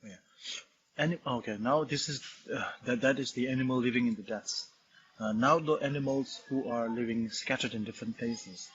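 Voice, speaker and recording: A man with a Tibetan accent, a Buddhist teacher explaining a text in a halting, filler-heavy way. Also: medium pitch, a bit bright, husky. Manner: halting, many fillers and restarts, explains terms. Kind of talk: Dharma talk commentary. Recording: dull lo-fi recording, faint noise.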